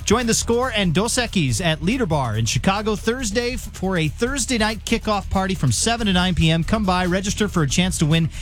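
A man reading a news update and station promo in a brisk announcer style. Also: high-pitched, expressive, faint music behind.

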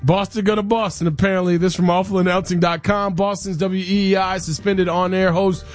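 A man's voice: sits high, flat delivery, fairly quick, soft background music. A man hosting a sports talk radio show, reading news and adding wry, incredulous commentary. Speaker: radio host.

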